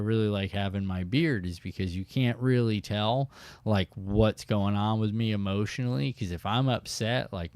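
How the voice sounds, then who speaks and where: A man hosting a live fishing stream, telling stories in a rambling, chatty way and often jumping into excited high bursts. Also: smooth, no echo, studio quality. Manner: rambling, chatty, lots of "you know what I mean". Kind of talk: casual live-stream storytelling.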